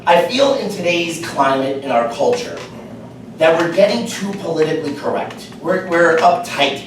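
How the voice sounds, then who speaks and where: Animated man telling jokes in an echoey room. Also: on the high side, moderate pace, far from the mic, noisy background. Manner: chatty joke-telling. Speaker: club speaker. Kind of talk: humorous speech. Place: meeting room.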